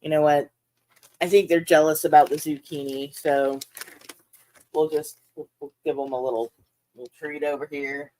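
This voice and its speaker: A woman, hosting her aquarium vlog and chatting casually, laughing often and jumping into high-pitched reenactments of her own reactions. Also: fairly even intonation, moderate pace, pauses often, mellow. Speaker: aquarium channel host. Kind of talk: casual chat to livestream viewers.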